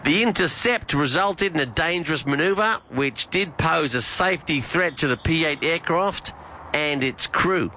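Bright-voiced man reading mock news. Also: on the high side, measured pace, a little hiss or hum. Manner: reads formally, then explains in plain words. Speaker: host of a mock news segment. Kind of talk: news-style reading for learners.

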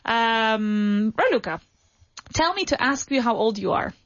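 A woman's voice: on the high side, lively intonation, unhurried, a bit bright, no room sound, highs cut off. Upbeat woman teaching English. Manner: upbeat, encouraging, corrects pronunciation. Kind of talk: classroom language lesson. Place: studio.

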